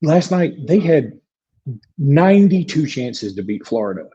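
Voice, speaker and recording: Folksy, husky podcast co-host, dull sound. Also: male voice, mid-range voice, very animated, moderate pace, warm tone. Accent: Southern US. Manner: folksy, joking, rambling. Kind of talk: casual sports podcast chat.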